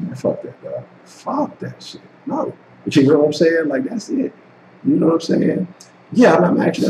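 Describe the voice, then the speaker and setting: A man's voice: mid-range voice, a little mellow, roomy sound, a little hiss or hum, low-quality recording. A man hosting a sports channel live stream, ranting profanely and slangily at his chat. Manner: profane, heated, talks to chat; slangy, keeps saying dog.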